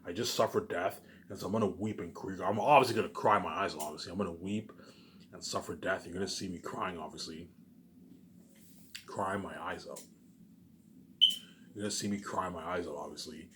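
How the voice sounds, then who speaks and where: With a deep, fairly bright voice, the channel host talks briskly but pauses often. Addressing his viewers alone, he rambles profanely and grandiosely, emphasizing points and repeating "obviously" and "you know what I'm saying" again and again.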